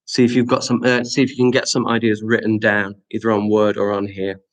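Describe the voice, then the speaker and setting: A man's voice: lowish voice, flat delivery, brisk, rough recording. A young man teaching a live online primary lesson, reading pupils' sentences aloud and praising them.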